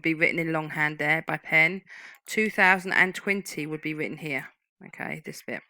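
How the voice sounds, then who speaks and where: A woman tutors typing over a screen recording, walking through each step patiently and explaining the terms. Her voice sits fairly low yet sounds bright and clear. The recording is dry and close. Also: lively intonation, moderate pace, no room sound, rough recording.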